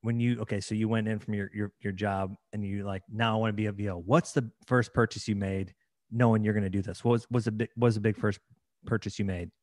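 A man's voice: fairly low pitch, fairly even intonation, fairly quick, darkish tone, no room sound, clean studio sound. A man hosting a casual interview, enthusiastic and often restarting his sentences. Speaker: podcast host.

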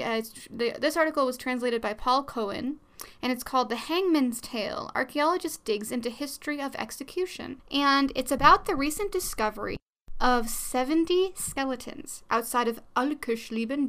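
A woman's voice: high-pitched, bright, forceful tone. A young woman hosting her own podcast, chatting casually and rambling with lots of fillers and little laughs, into a new studio microphone. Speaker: podcast host. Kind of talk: casual solo podcast chat.

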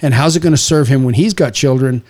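A man's voice: mid-range voice, quick pace, a little mellow. Older man, 60s, casual storyteller; rambles, slips into quoted voices. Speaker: father of young children. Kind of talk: casual chat.

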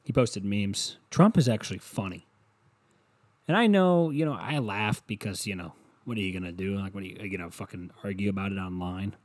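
A young man with a lowish, brisk, slightly mellow voice hosts a solo comedy podcast. He rambles crudely and self-deprecatingly, acting out the voices of other people.

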